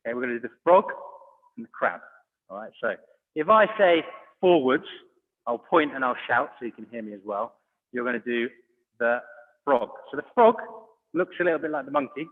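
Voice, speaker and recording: A man's voice: mid-range voice, lively intonation, moderate pace. Man, kids' exercise coach, encouraging, calls out commands, echoing hall, tinny audio. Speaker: judo coach. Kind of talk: online kids' exercise class. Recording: phone-like audio, long hall reverb.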